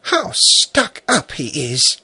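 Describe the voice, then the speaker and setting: A prim, earnest little girl from a storybook, voiced by a man reading aloud. She speaks high and airy, as if confiding a secret, and sounds a little husky. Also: wildly swooping pitch, unhurried, fairly bright tone, full character voice. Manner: mysterious whispering tone.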